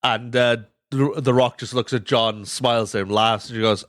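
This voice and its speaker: A man's voice: medium pitch, steady tone, normal speed, hardly any pauses, a bit bright, no echo, studio quality. A man in casual podcast chat, rambling with restarts and swearing in exasperation. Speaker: podcast co-host.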